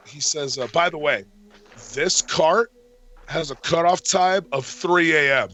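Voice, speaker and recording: A man's voice: fairly high pitch, slow, noisy background. A man casually telling a long, profane story on a podcast, acting out the arguments he quotes. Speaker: podcast co-host.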